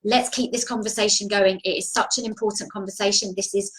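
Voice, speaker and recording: A woman's voice: mid-range voice, steady tone, brisk, low-quality recording. A woman coaching viewers on a live video stream, talking earnestly and encouragingly, often restarting her sentences. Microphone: video call.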